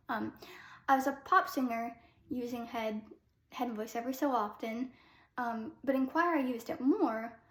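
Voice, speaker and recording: A woman's voice: sits high, a little slow. A young adult woman, a classical soprano, chatting through a singing lesson with many fillers and restarts. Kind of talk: casual vocal lesson talk. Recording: roomy echo.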